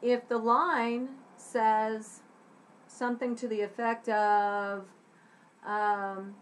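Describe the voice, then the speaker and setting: A woman's voice: fairly high pitch, fairly even intonation, slow, slight background noise, poor audio. A woman teaching a scriptwriting lesson to young students. She acts out short example lines in different voices and checks in often with "okay?".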